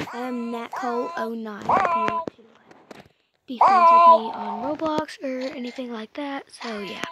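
High-voiced woman whispering game commentary. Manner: excitable, often drops to a whisper. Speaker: gaming video host. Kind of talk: let's play commentary. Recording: noisy, with clicking sounds.

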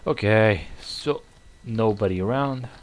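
A man giving live gameplay commentary, muttering and cursing with sudden excited outbursts. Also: on the low side, takes it slowly. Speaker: gamer.

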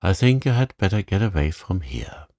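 A man reading a storybook aloud, voicing a fussy, mild-mannered gentleman frog with prim, polite speech. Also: low voice, big pitch swings, moderate pace, no echo, clean studio sound.

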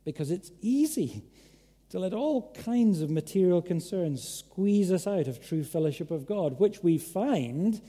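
A man's voice: high-pitched, animated, measured pace, warm tone, husky. A man preaching a sermon, earnest and emphatic, pressing his listeners with direct questions. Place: large church hall. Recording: echoey church hall.

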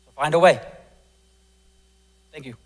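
A man, a band booster parent, giving a frustrated and forceful public comment at a school board meeting. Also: a little high, measured pace, poor audio.

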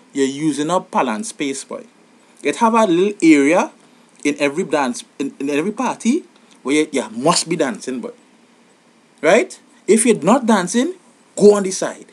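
Animated high-voiced man. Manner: animated, exasperated, rising to high outbursts. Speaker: vlogger. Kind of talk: comic advice monologue.

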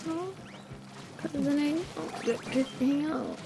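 A woman's voice: sits high, gravelly, music in the background. A sleepy woman chatting casually during a game stream. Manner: drowsy, slow. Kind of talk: casual chat.

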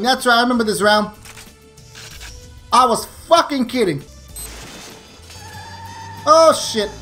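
A man's voice: very high-pitched, animated, slow pace, long pauses, pushed and bright, soft background music. A young man commentating on a video game, swearing a lot and hamming up a mock mobster persona. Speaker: gaming streamer. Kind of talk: casual gameplay commentary.

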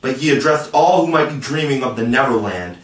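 A man narrating a storybook chapter in a dramatic, measured, expressive way. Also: medium pitch. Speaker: audiobook reader. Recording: roomy, distant mic.

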